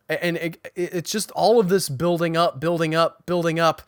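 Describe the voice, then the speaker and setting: A man with a fairly high voice talks through a TV episode in a loose, chatty recap. He often trips over his words and restarts sentences, and he paraphrases what the characters said. The sound is close and dry, with no room echo. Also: steady tone, moderate pace, clean tone. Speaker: podcast host recapping a TV episode. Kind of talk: casual spoken recap.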